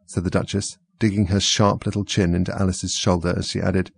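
A man narrating a storybook in a measured, even way, recorded close on a studio mic. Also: sits low, gravelly, slightly rough, no room sound. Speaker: audiobook narrator.

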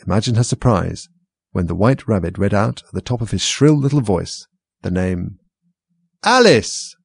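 Male storybook narrator, low and gravelly, measured read. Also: a little mellow, dry recording, studio quality. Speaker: audiobook reader. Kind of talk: scripted narration.

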